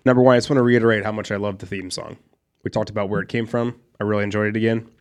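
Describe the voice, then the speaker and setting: A man's voice: lowish voice, steady tone, racing. A man co-hosting a casual film podcast, laid-back, swearing freely and laughing often. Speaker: podcast co-host.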